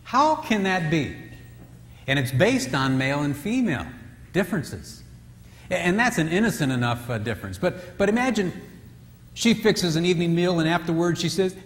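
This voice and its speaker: A man's voice: high-pitched, sing-song, moderate pace. Joking man speaking in an echoing hall. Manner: joking, acts out quoted spouses in raised voices. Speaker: marriage retreat speaker. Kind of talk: humorous marriage seminar talk. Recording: distant reverberant hall with faint ambience.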